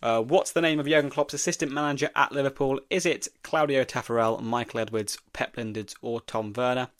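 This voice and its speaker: A man's voice: medium pitch, fairly even intonation, a little fast, no echo, clean studio sound. A young man, hosting a solo football podcast, reading quiz questions aloud and talking his way through his guesses. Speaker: podcast host.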